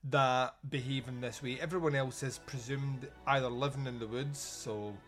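A man hosting a podcast, reviewing a film in casual chat, animated and swearing often. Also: mid-range voice, normal speed, soft background music. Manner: animated, swearing, acts out lines in loud voices. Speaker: podcast host.

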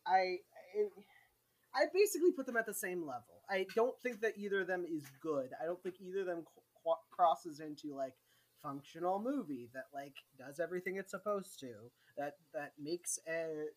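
A man's voice: high-pitched, animated, moderate pace. A male podcast co-host talking movies in a wry, analytical way, laughing easily. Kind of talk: casual movie-review chat.

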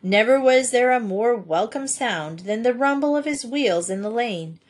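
A woman narrating a classic children's book in a steady, measured reading voice. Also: fairly high pitch. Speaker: audiobook reader. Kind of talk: storybook narration.

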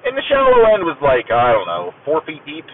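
A man's voice: on the high side, huge pitch swings, a little fast, a crowd in the background. A man casually telling a long personal story in a rambling, profane, self-deprecating way, with lots of fillers. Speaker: storyteller recounting Navy boot camp. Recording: tinny phone-like audio with faint noise.

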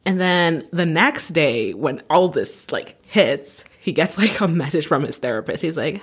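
A woman's voice: sits low, animated, unhurried, hardly any pauses, husky. A young woman vlogger in casual, rambling chat, often correcting herself. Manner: rambling, self-correcting, chatty.

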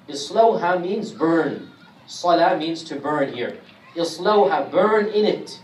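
A man teaching a Quran commentary class, speaking emphatically and reciting Arabic verses rapidly. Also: fairly high pitch, animated. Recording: echoey room, distant mic, faint hiss.

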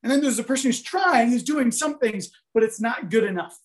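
A man giving a sermon, telling a story in an animated, conversational way full of fillers. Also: very high voice, a little fast. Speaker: preacher.

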